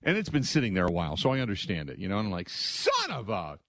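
A middle-aged man hosting a sports radio show, telling stories in an excitable, conversational way and acting out other people's lines. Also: deep voice, racing, no room sound. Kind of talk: animated storytelling monologue.

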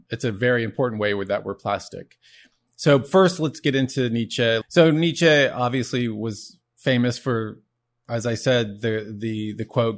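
A man hosting his own show, giving an earnest teaching monologue and often restarting and repeating words. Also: mid-range voice. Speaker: podcast host.

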